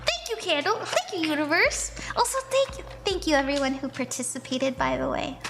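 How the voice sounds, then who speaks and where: A woman streaming a spellwork session, chatting casually with a giggly, bubbly manner and slipping into soft, slow affirmations. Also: sits high, animated, vocal fry, noisy background. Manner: bubbly and giggly, often laughs. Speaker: streamer doing tarot and spellwork. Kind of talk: casual livestream chat.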